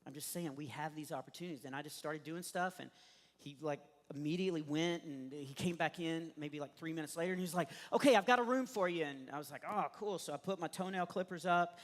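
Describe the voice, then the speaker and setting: A man from Texas with a Texan accent, doing stand-up comedy, telling stories in an animated way and laughing at his own jokes. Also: fairly high pitch, quick pace. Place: church stage. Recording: long hall reverb.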